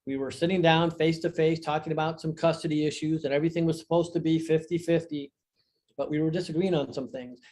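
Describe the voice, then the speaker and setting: An older man with a somewhat high-pitched voice tells a personal story on a video call. He speaks earnestly and reflectively and leans hard on key phrases. It sounds like an interview conversation. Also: fairly even intonation, fast talker, a little mellow. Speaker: guest, divorce author and coach.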